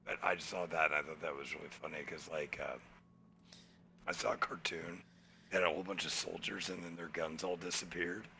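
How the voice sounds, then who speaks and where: A man's voice: low-pitched, brisk, creaky, slight background noise. A man co-hosting a podcast, telling a story in casual chat and acting out the people in it. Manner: animated, acts out quoted people in his anecdotes. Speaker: podcast co-host.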